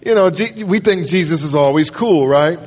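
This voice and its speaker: A pastor with a fairly high voice preaches at a moderate pace during a church service. He is emphatic, keeps restarting his words, and puts questions straight to the congregation.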